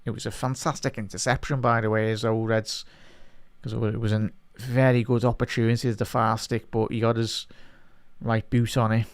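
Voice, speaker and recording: During a football watch-along, a man gives live fan commentary to his chat, swinging from low muttering to outraged shouts at the referee. His tone is level and smooth, and he talks fairly quickly.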